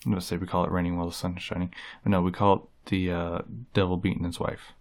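A man doing a casual tag video, reading words off a list in an unhurried way with frequent "uh" fillers. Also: low-pitched, flat delivery, darkish tone. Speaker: vlogger.

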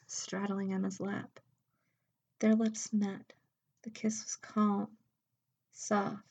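A woman narrating an intimate audio story in a soft, breathy voice that drifts into whispers. She reads slowly and evenly, keeping her pitch level with little movement. The delivery is hushed and close throughout. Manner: soft, slow, often whispered.

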